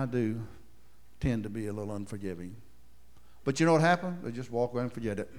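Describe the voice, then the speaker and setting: Preacher man, loud then quiet. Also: fairly high pitch. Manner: swings from loud emphatic points to quiet asides. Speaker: pastor. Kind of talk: sermon.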